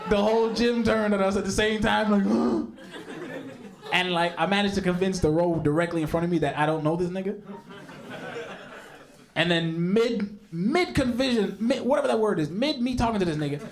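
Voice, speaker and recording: On a comedy stage before a live audience, a young man performs stand-up, bantering with the crowd and telling animated stories. His voice is high-pitched and fairly quick, leaping dramatically whenever he quotes someone.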